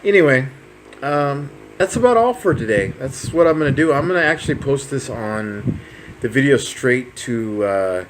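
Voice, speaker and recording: A man's voice: mid-range voice, lively intonation, moderate pace. A man in his thirties, rambling through a casual personal update to his viewers, full of fillers and restarts. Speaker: vlogger. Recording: noisy home recording.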